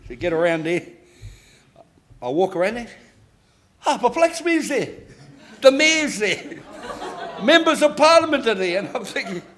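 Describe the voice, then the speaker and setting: A man in his sixties with a New Zealand accent, giving a humorous, animated keynote speech full of stories and laughter. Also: extremely high pitch, unhurried, long pauses. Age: 60s. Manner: animated, joking, laughs often. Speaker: keynote speaker.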